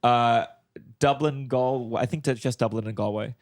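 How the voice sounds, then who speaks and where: A man's voice: mid-range voice, fairly even intonation, moderate pace. Jokey male podcast host. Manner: teasing, jokey questions. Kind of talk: casual podcast chat.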